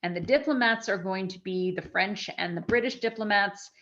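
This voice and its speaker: A woman giving a live history lecture to an audience, talking in a conversational, animated way with frequent restarts. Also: mid-range voice, moderate pace, lo-fi sound.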